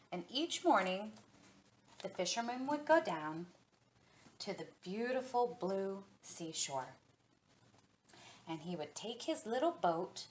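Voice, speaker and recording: A woman librarian reads a fairy tale for storytime in a sing-song, expressive way. Her pitch rises and falls widely, sitting at a middle height for a woman. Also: slight background noise. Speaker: children's librarian. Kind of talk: storytime reading aloud.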